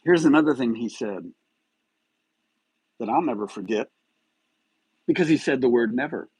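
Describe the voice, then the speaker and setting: Husky-voiced man grilling a suspect aloud. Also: medium pitch, lively intonation, moderate pace, darkish tone, no echo, rough recording. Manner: agitated, fires rhetorical questions. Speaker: live stream host. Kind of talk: heated true-crime commentary.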